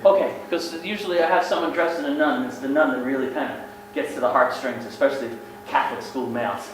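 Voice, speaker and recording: A man's voice: mid-range voice, fast. A middle-aged man who is a sports sociologist, giving a joking, rambling public lecture full of asides to the crowd. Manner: wisecracking, chatty, rambling asides. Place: lecture hall. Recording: echoey hall with noise.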